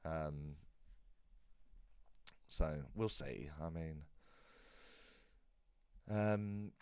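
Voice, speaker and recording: A man hosting a live Q&A stream in a relaxed, rambling way, with many fillers and restarts. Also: very deep voice, extremely slow, clear, resonant tone, no echo. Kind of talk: casual live-stream chat.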